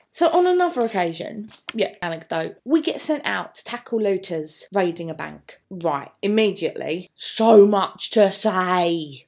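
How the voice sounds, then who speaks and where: A woman's voice: mid-range voice, darkish tone. A woman teaching English poetry, chatty and thinking aloud with many asides. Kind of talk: poetry analysis lesson.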